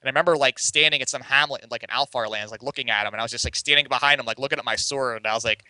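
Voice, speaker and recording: Bright-voiced man rambling through a story. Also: medium pitch, very fast, dry recording, rough recording. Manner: rambling and profane, heavy on fillers like "like" and "you know". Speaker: podcast guest, game community writer. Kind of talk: casual storytelling.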